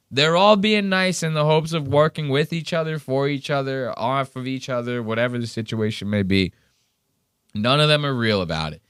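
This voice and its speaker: A man's voice: medium pitch, moderate pace, clear, resonant tone, no room sound, studio quality. A man hosting a podcast, giving casual, profane and sarcastic commentary on comedy clips. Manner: profane, sarcastic, animated storytelling. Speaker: podcast host.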